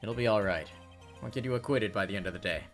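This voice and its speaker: A man voicing an earnest young male defense lawyer, reading game dialogue in a steady, matter-of-fact way. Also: fairly low pitch, fast, faint music behind, lightly acted.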